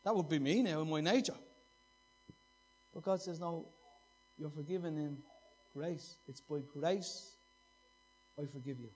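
A man's voice: a little high, a little slow, long pauses, darkish tone. A middle-aged man preaching a sermon, impassioned and repeating phrases for emphasis.

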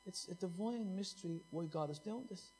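A man's voice: high-pitched, normal speed, warm tone, slight background noise. A middle-aged man preaching a sermon, impassioned and repeating phrases for emphasis.

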